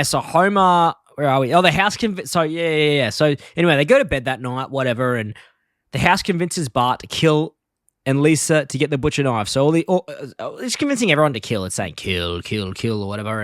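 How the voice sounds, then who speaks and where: A man's voice: mid-range voice, a little fast, fairly bright tone, no room sound, clean studio sound. A man co-hosting a podcast, recapping an episode in a loose, rambling way with lots of fillers. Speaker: podcast co-host. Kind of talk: casual chat.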